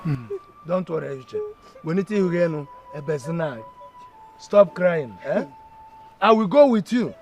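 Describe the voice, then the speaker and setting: A fatherly Nigerian figure soothes a weeping young woman. His voice sits slightly high and he repeats himself firmly and kindly. Film music plays underneath. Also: expressive, a little slow, long pauses. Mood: soothing. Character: caring older father, calm and reassuring. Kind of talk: Nollywood film acting.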